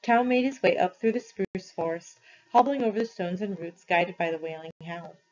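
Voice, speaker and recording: A woman reading a storybook chapter aloud in a steady, expressive way. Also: fairly low pitch, moderate pace, muffled recording. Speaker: reader.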